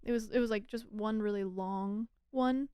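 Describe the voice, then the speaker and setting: A woman's voice: medium pitch, steady tone, moderate pace, dark tone, clear, resonant tone, no echo. A young woman co-hosting a movie podcast in casual chat, who keeps asking curious follow-up questions. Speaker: podcast co-host.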